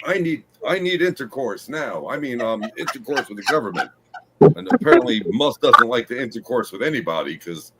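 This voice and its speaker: A man's voice: mid-range voice, fairly bright tone, slight background noise. A man improvising a rambling, crude comedy bit as a game show contestant. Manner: rambling, self-interrupting, crude jokes.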